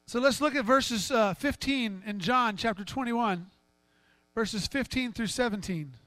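A man's voice: very high voice, measured pace, no room sound. A man preaching a sermon as pastor, chatting and joking with the congregation and acting out Bible scenes. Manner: acts out Bible dialogue in a raised, animated voice.

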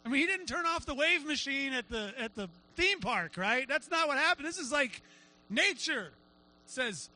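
A middle-aged male pastor preaching a sermon, telling a story with lively acted-out quotes. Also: very high-pitched, normal speed, rough recording. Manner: animated storytelling, acts out quotes.

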